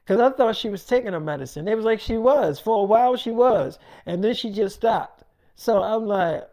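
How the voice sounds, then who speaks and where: Animated man retelling a story, mellow voice. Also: high-pitched, moderate pace. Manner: animated, acts out dialogue, swears freely. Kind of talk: casual spoken storytelling.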